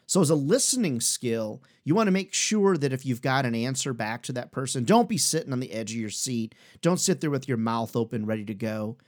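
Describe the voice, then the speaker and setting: A male sales coach giving an energetic, fast-talking podcast lesson with lots of emphasis. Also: mid-range voice.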